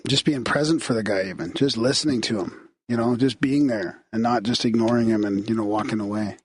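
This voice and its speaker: A man's voice: fairly low pitch, a little fast, breathy edge, no echo. A man hosting a podcast, talking casually and affirming his guest. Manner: agreeable, listening host. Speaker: podcast host. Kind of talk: casual conversation.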